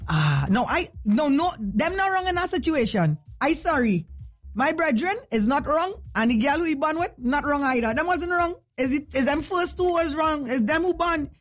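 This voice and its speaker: A woman's voice: high-pitched, animated, normal speed, faint music behind. A woman hosting a radio call-in show, teasing callers and telling her own stories in casual chat. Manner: playful, teasing, storytelling.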